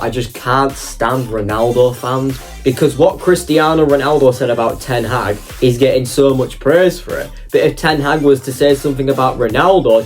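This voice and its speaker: A man's voice: medium pitch, darkish tone. A man delivering a passionate, opinionated football fan monologue for his vlog.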